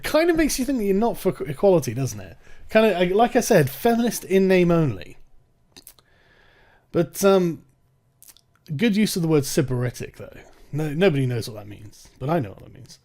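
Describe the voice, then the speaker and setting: A young man with an English accent talks through an article in a loose, sarcastic commentary. His voice sits a little high for a man, and he swears freely as he picks the piece apart. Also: very animated, moderate pace, long pauses, a little mellow. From England. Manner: sarcastic, swearing, breaks into mocking put-on voices and laughs. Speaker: commentary channel host. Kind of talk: casual commentary reacting to a read article.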